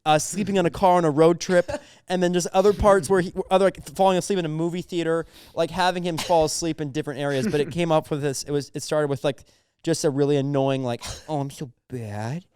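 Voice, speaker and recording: A man's voice: a little high, fairly even intonation, quick pace, hardly any pauses, a little mellow, clear, resonant tone. A young man co-hosting a comedy podcast, chatting casually and giggling as he riffs through bits. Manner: giggly, riffing through bits with quoted voices. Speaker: podcast co-host.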